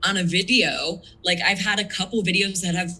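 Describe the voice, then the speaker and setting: A woman's voice: medium pitch, steady tone, a little fast, sharp tone, poor audio. A woman in her twenties complaining about her situation in a frustrated, filler-heavy way. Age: 20s. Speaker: fellow content creator. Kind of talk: casual clip of complaint.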